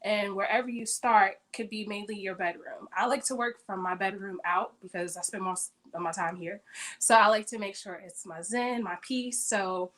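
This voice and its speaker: A woman's voice: mid-range voice, moderate pace, fairly bright tone. A woman talking as an interior decorator, giving casual home decorating tips in a chatty, upbeat way straight to her audience. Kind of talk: casual how-to talk. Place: her bedroom.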